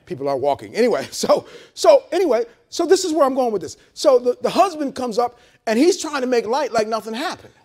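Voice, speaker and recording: High-voiced man preaching conversationally. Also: big pitch swings, brisk, few pauses, a little mellow. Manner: conversational preaching with frequent repeats and call-and-response; blunt, joking asides to the congregation. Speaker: pastor. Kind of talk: sermon. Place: church service held in a hotel venue.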